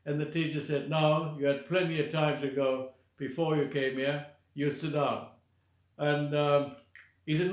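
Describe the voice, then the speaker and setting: A man's voice: on the high side, steady tone, a little slow, roomy sound. An older man from South Africa telling a school story in a chatty, rambling way, full of fillers and restarts. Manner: chatty, many fillers and restarts, quotes others aloud. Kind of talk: casual spoken anecdote.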